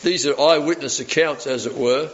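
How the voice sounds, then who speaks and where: A man's voice: a little high, normal speed, a bit bright, highs cut off, slight background noise. Man preaching in a conversational tone. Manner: conversational Bible teaching with asides and rhetorical questions. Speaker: pastor. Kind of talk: sermon.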